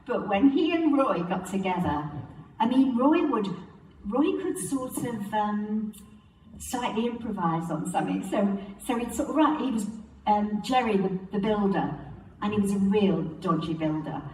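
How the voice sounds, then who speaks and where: An older actress from England recalls her sitcom days in an animated, storytelling way. She is recorded from a distance in a roomy space with a light hiss underneath. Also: mid-range voice, measured pace. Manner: animated storyteller, acts out quotes and laughs often. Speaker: actress interviewee. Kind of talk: relaxed anecdotal interview. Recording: roomy, off-mic, faint background hiss.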